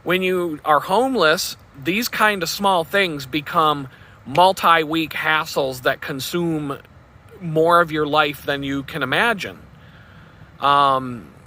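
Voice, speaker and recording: A man rambles straight to the camera, blunt and foul-mouthed. His voice sits a bit high and rings very bright and sharp. He talks like he is venting to friends. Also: unhurried. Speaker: vlogger. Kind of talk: casual vlog monologue.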